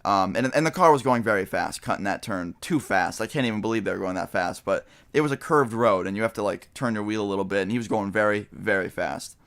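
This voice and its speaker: A man's voice: fairly low pitch, fast, hardly any pauses, fairly bright tone, clear, resonant tone. A young man telling a personal story to his viewers in a casual, rambling way, with lots of fillers and the odd swear word. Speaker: vlogger.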